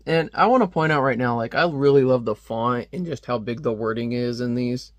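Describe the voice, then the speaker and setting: A man's voice: mid-range voice, fairly quick, dry recording, dull audio. Rambling, offhand male comic reviewer. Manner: rambling, offhand, with frequent fillers. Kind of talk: casual commentary.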